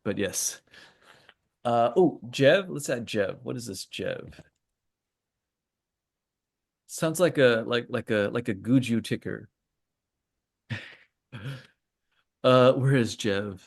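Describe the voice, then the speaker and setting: A man's voice: medium pitch, takes it slowly, gravelly, long pauses, breathy edge. A man hosting a casual trading call, rambling through charts with joking asides and lots of fillers. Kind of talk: casual screen-share commentary.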